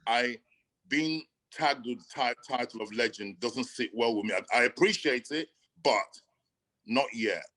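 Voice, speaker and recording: A man's voice: mid-range voice, a little slow, bright, forceful tone, rough recording. A middle-aged man, a boxing coach, speaking as an interview guest in an earnest, emotional way, often stopping and restarting his sentences. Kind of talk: interview conversation.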